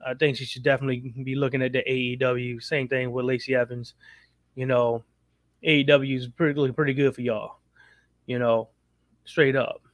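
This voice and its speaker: A man's voice: mid-range voice, level tone, normal speed, no echo. A man co-hosting a podcast who gives blunt, slangy opinions on wrestling. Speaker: podcast co-host. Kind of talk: casual wrestling chat.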